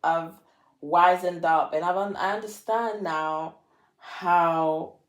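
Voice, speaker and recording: A woman's voice: fairly low pitch, steady tone, slow pace, echoey room. A young woman talking to camera in a dramatic, self-mocking confessional monologue, repeating lines for effect. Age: young adult. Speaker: vlogger.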